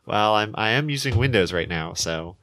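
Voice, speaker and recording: A man co-hosting a podcast, chatting casually in a small studio with wry, deadpan quips. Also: on the low side, normal speed. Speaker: podcast co-host. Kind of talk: casual chat.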